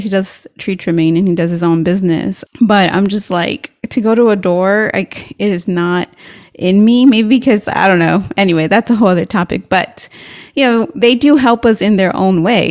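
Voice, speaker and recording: A woman's voice: medium pitch, a little mellow, no room sound, clean studio sound. A woman hosting an interview in a chatty, encouraging way. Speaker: interview host. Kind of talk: casual interview chat.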